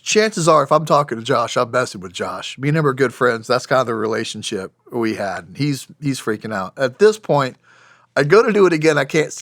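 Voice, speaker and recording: A man's voice: medium pitch, a bit bright, no room sound, clean studio sound. A man in his forties, a podcast guest and former special operations soldier, telling stories plainly and wryly, with frequent restarts. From United States. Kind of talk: storytelling in a podcast interview.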